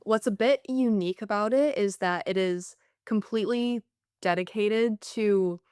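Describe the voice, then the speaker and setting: A woman in her twenties, a graduate researcher, explaining her study in a relaxed, chatty way as a podcast guest. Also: medium pitch, unhurried, clean tone, dry recording, studio quality. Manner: relaxed, chatty with fillers like 'like'. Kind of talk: casual interview explanation.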